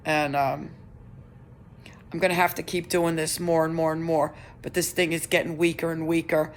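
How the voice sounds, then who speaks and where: Earnest, halting middle-aged woman. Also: low voice, flat delivery, slight background noise. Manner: halting and earnest, with many restarts. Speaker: vlogger. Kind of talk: personal update vlog.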